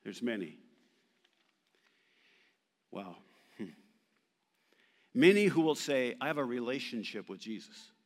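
A male pastor delivering an animated sermon, emphatic and sometimes playful, quoting scripture with rising force. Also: medium pitch, slow pace, long pauses. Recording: long reverb of a large hall.

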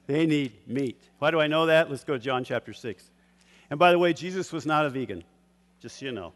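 A grandfatherly man preaches with a slightly raised pitch, throwing questions out to the congregation and letting them answer. He moves between loud calls and quieter, chuckling asides. The sound carries a long reverb, like a large sanctuary. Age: older. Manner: call-and-response, asks the congregation to fill in words; chuckles often, shifts from loud to hushed. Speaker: pastor. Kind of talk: sermon.

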